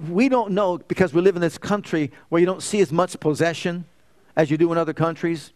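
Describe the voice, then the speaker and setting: Fervent high-voiced male preacher. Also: a little fast. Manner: rising to fervent emphatic declarations, dropping to soft hushed lines. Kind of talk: sermon.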